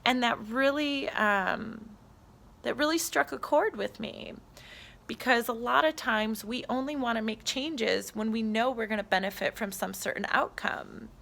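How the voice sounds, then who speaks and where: Bright, gravelly woman vlogging earnestly. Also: a little high, a little slow. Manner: earnest and heartfelt. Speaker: spiritual channeler. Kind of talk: casual spiritual vlog. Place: outdoors on a trail. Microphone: phone.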